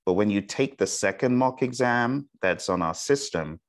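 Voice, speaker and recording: A man teaching an exam prep lesson, talking slowly on purpose and often checking in with "okay?" and "all right?". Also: fairly low pitch, lively intonation. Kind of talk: recorded online lecture.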